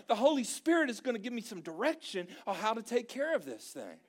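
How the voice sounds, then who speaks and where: A man's voice: very high voice, big pitch swings, a little fast, hardly any pauses. A man preaching a sermon to a congregation in a church, with a conversational style and emphatic repeated phrases. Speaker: pastor.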